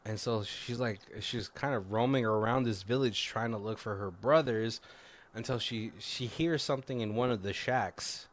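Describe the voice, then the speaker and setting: A man's voice: lowish voice, moderate pace. A man casually recapping a movie plot on a podcast, rambling with lots of fillers and self-corrections. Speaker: podcast co-host.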